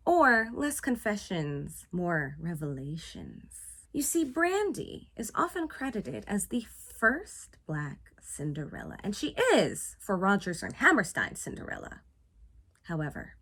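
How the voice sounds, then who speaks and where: A woman hosting a casual, playful film review show and chatting in an animated way. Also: medium pitch. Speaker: host.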